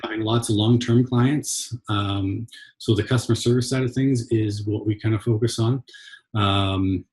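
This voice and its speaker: A man from Canada, an agency owner, talking as a guest in a relaxed, halting way with many pauses and restarts. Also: fairly low pitch. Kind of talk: casual interview chat.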